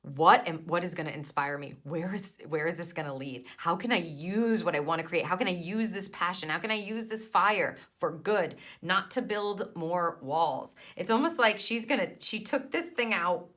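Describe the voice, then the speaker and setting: A woman with a fairly low voice but a bright, forceful tone gives a tarot reading to her viewers. She is encouraging and emphatic, pressing her points and hesitating with fillers in between. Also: moderate pace, hardly any pauses. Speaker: tarot card reader.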